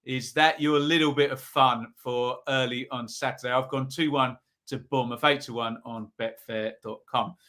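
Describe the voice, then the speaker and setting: Bright-voiced man hosting football chat. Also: medium pitch, steady tone, moderate pace, few pauses. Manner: chatty, upbeat, reads out chat comments. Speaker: football predictions host. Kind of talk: live-stream football chat.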